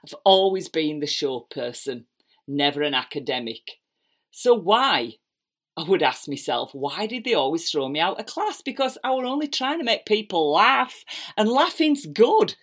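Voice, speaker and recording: Chatty low-voiced Yorkshire woman. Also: normal speed. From England. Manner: chatty, animated and self-deprecating, with broad dialect. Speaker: podcast host. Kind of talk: personal storytelling monologue. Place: home kitchen.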